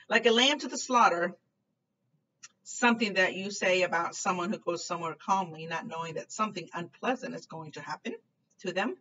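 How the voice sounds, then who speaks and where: A woman reading a children's novel aloud in a clear, expressive storytelling manner. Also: fairly low pitch, brisk. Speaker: book reader. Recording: distant dull lo-fi recording, faint noise.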